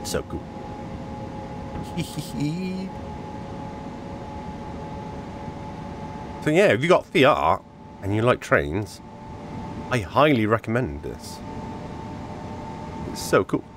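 Lively guy chatting thru a vr game, kinda tired and coughy, faint hum behind. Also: fairly low pitch, a little slow, long pauses. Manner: excitable, chatty, giddy. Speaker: gaming video creator. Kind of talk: casual gameplay commentary. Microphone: wearing a VR headset.

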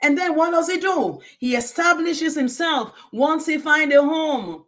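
A middle-aged woman preaching a sermon, reading scripture aloud and explaining it slowly and with emphasis. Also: high voice, a bit bright.

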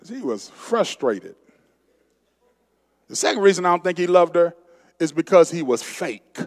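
A male pastor preaching a sermon emphatically, calling out to his congregation. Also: high voice. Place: church sanctuary. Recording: long church sanctuary reverb.

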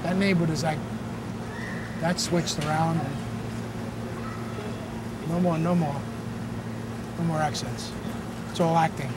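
High-voiced man amid loud street traffic. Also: steady tone, unhurried, pauses often, distant mic. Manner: blunt, emphatic, repeating himself. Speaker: street interviewee. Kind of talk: casual street remarks.

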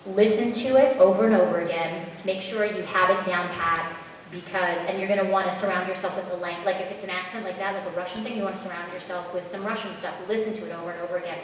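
A voice actor with a lowish, steady voice speaks at a quick pace, taking audience questions on a convention panel with chatty, practical advice and asides. The recording has a little hiss or hum, captured far from the mic in an echoey, large hall.

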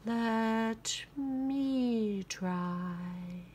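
A woman reading aloud and voicing a boastful mummy who drags out each word in a slow, quiet drawl. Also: a little high, slight background noise.

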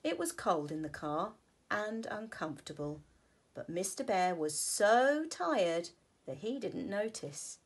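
A woman teacher reading a picture book aloud to children, with slow, expressive storytelling. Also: mid-range voice, husky.

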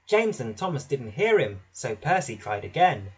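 A man narrating a children's storybook in a lively, animated way. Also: medium pitch, moderate pace, husky.

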